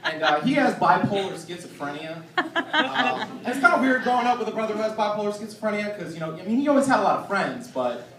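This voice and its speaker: On a comedy venue stage, a man with a high, very animated voice tells loose, profane stories at a quick pace, full of fillers, with a crowd audible behind him. The sound is noisy and echoey, picked up by a distant mic.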